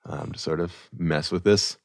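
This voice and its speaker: A man's voice: very deep voice, fairly even intonation, moderate pace, vocal fry, darkish tone, dry recording, studio quality. A man running a tabletop game as game master, easygoing and hesitant, often laughing.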